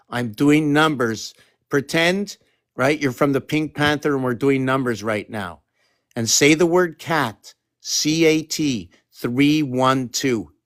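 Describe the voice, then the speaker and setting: A man giving a rambling solo monologue to camera, wandering between thoughts with restarts and asides, and at times coaxing his cat. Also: mid-range voice. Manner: wandering, stream-of-consciousness, frequent restarts and asides. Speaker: video creator.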